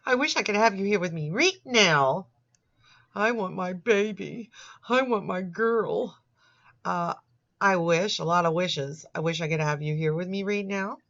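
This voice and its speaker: A woman reading out a lovesick, clingy young man's chat messages in a slow, mocking way, on a dull lo-fi recording. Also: fairly low pitch, a bit bright. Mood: mock-sappy. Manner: slow, mocking, drawn-out read-out. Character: lovesick clingy young man in online chats.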